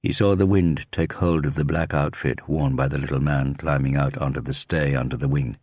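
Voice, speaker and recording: A man with an extremely deep voice reads a thriller audiobook in a steady, measured way. The recording is close and dry, with no sense of a room around him. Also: dry recording. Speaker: audiobook narrator. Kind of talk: scripted narration of a thriller audiobook.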